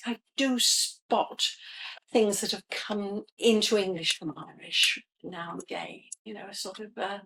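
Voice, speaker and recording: A woman talking in a casual interview, hesitant and pausing on fillers. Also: mid-range voice, gravelly, a bit bright, low-quality recording.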